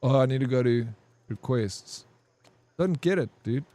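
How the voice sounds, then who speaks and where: A man chatting casually while he plays a game, wandering through a long story and dropping curses and "bro" at every turn. His voice is mellow and dark, and it sounds dry and close with no room echo. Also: mid-range voice, animated, a little slow. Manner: rambling, profane, says "bro" a lot. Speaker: game streamer. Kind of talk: casual storytelling over gameplay.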